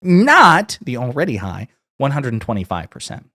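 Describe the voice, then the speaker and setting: A man's voice: medium pitch, wildly swooping pitch, normal speed, pushed and bright. Brief: man delivering scornful, emphatic political commentary.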